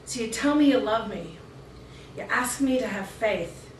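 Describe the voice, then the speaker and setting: High-voiced woman performing spoken-word poetry. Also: animated, unhurried, a little hiss or hum. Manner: intense, rhythmic performance delivery with chatty asides. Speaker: featured poet. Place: cafe performance space, live audience. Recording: echoey room recorded from a distance.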